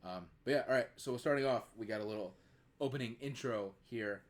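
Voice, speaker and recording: A young man in his twenties hosts a casual podcast chat, his voice medium in pitch and brisk. He tells rambling stories packed with fillers.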